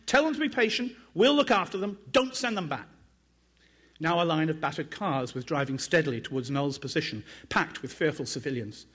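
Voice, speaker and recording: A man, an author and journalist, reading excerpts from his own book aloud in a measured, dramatic way, raising his pitch for quoted speech. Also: breathy edge.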